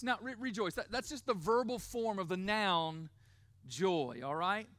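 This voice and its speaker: Middle-aged guy preaching, hits key words slow and hard, keeps asking right?, dry close sound. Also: sits high, a bit bright, dry recording. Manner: emphatic, repeats key words slowly, asks the crowd "right?". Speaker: pastor. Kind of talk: sermon.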